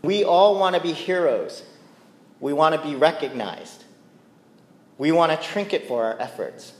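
A man's voice: fairly high pitch, lively intonation, a little slow. A man preaching a sermon as pastor, conversational and playful, often checking in with the listeners. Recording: echoey church hall with long reverb.

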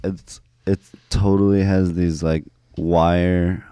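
A man's voice: sits low, little pitch movement, slow, dark tone, clear, resonant tone, no echo. A man from San Francisco, a musician guest in casual chat, laid-back and rambling with many "like"s.

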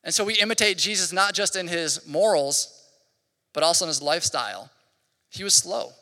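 Bright-voiced young male pastor in a reverberant hall. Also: high voice, animated, moderate pace. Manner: casual, rambling, heavy use of "like". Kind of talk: conversational sermon. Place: church hall.

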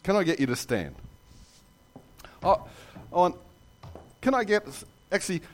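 A man preaching a sermon in a church, telling jokes and stories with lively asides. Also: high-pitched, a little slow. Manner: animated storytelling with jokes and asides. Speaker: pastor.

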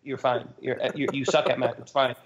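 A man's voice: mid-range voice, steady tone, fairly quick, background noise. A man telling a funny story in a casual podcast chat. He swears freely and tells it with lots of animation. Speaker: podcast co-host. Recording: slightly dull lo-fi podcast audio.

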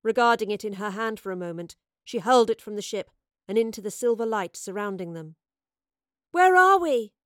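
Woman narrating an audiobook, measured and expressive. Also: mid-range voice, dry recording, studio quality. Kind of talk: scripted story narration.

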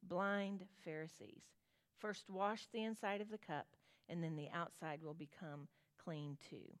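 A woman's voice: sits low, normal speed. A woman in her forties with a Southern accent, teaching a Bible study in a conversational way, reading scripture aloud and chatting with her listeners. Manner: reads scripture aloud, then chats with the audience in a homey way.

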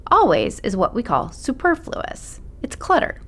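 A woman reading an audiobook voices an exasperated male high-school teacher who lectures in a patronizing way. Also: huge pitch swings, measured pace, a bit bright, heavily acted. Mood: lecturing. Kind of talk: audiobook narration.

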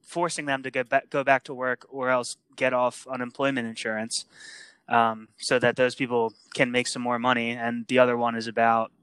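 A man's voice: mid-range voice, flat delivery, normal speed, fairly bright tone, clean tone, no echo. A young man co-hosting a podcast, giving blunt, opinionated takes in a casual way and laughing often. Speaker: podcast co-host.

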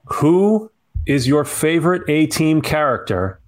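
A man's voice: on the high side, sing-song, measured pace. Man hosting a podcast quiz. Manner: playful quizmaster, laughs often. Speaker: podcast host running a quiz game. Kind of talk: casual podcast banter.

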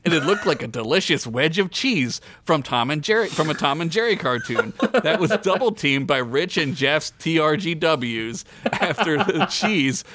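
A man's voice: on the high side, expressive, moderate pace, sharp tone, slight background noise. A man hosting a comedy podcast, reading his own silly adventure story aloud with jokey asides and frequent laughter. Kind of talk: comic story reading with banter.

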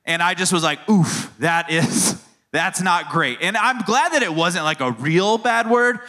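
A man's voice: high voice, expressive, normal speed, pushed and bright. A man in his thirties preaching a casual sermon, telling family stories in a playful, conversational way. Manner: storytelling, conversational, playful asides. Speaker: youth pastor.

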